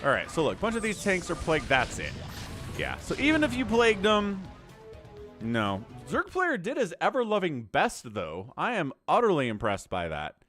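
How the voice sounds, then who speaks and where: Animated man casting a strategy game. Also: a little high, normal speed, soft background music. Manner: excitable, chatty, thinks aloud. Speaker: game commentator and stream host. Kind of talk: live-streamed esports commentary.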